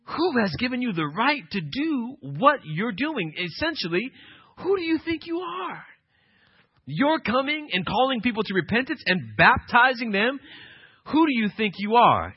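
A male pastor preaching an emphatic sermon, swinging from quiet passages to loud, insistent ones. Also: sits high, husky, no echo, muffled recording.

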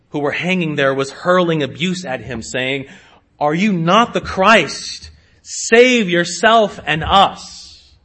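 Pastor, male, high voice, deliberate sermon delivery with emphatic swells. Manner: slow, emphatic preaching with sharp rises in pitch and volume.

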